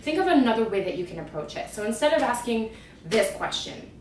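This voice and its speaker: A woman's voice: fairly high pitch, very animated, fairly quick, roomy sound, distant mic, a little hiss or hum. A woman and trapeze instructor giving a rambling, upbeat motivational talk to her viewers. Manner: chatty, rambling, upbeat, lots of "like". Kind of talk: casual motivational talk to camera.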